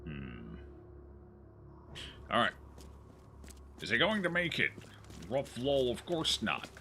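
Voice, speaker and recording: A man's voice: mid-range voice, huge pitch swings, takes it slowly, vocal fry, bright, forceful tone, slight background noise. A man streaming a horror game, joking and thinking aloud as he plays. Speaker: gaming streamer. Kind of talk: casual let's-play commentary.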